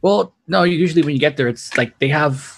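A man co-hosting a podcast in casual chat, laid-back and quick to laugh along. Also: on the high side, creaky, a little hiss or hum.

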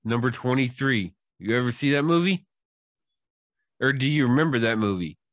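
A man co-hosting a podcast in casual chat, laid-back and measured. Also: medium pitch, animated, no room sound, clean studio sound. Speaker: podcast co-host.

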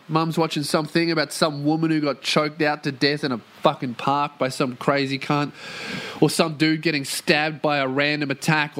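A young man hosting a casual podcast, ranting in a sweary, animated way and breaking into loud put-on voices for quotes. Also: a little high. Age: young adult. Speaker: podcast host. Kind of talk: casual rant monologue.

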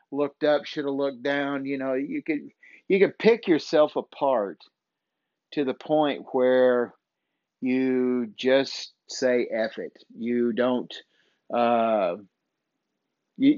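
A man of middle pitch talks through a motivational faith pep talk, earnest and repetitive, stumbling over fillers as he goes. The recording is dry and a little dull, like a low-fi home podcast mic. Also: darkish tone, dry recording. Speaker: podcast host.

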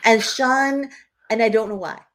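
A woman's voice: a little high, a little slow. A woman from New Hampshire co-hosting a podcast, telling stories in casual chat and laughing often. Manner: lively storyteller who laughs often. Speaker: podcast co-host.

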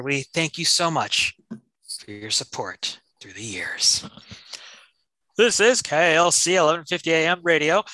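A man doing mock radio announcing in a comedy sketch, formal and measured as he wraps up the show. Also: fairly high pitch, pushed and bright, no echo, rough recording.

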